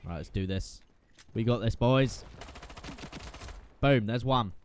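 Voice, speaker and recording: A man giving casual, profane, excitable commentary while playing a shooter game. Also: mid-range voice, slow, a little hiss or hum. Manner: profane, excitable, self-mocking. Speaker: gaming video creator.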